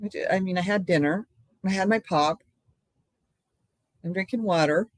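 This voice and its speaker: A woman's voice: fairly low pitch, moderate pace, no echo. An older woman hosting a casual live stream, chatting in a rambling way from home and laughing often.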